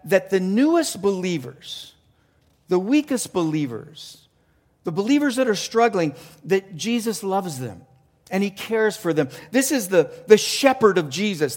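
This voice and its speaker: A male pastor preaching a passionate sermon, asking rhetorical questions and often restarting his sentences. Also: high voice. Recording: long reverb of a large hall.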